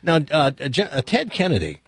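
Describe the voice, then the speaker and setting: A man's voice: on the high side, wildly swooping pitch, moderate pace, husky, no echo. A man co-hosting a radio show, bantering and telling funny stories in a teasing manner. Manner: teasing, joking storyteller. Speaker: radio co-host.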